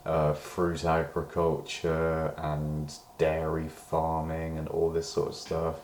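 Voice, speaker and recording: Super deep voiced british guy rambling into the camera, lots of "you know" and restarts, echoey room. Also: completely flat delivery, takes it slowly, a little mellow, a little hiss or hum. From Britain. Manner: meandering, full of hedges and restarts, swears when worked up. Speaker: diary vlogger. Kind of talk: rambling personal monologue.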